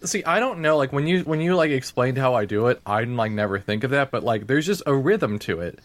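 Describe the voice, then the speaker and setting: A man's voice: mid-range voice, animated, brisk, no room sound. A man co-hosting a podcast, chatting casually and rambling, with lots of "like" fillers. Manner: rambling, heavy use of "like". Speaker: podcast co-host. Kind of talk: casual chat. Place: home, talking over Discord.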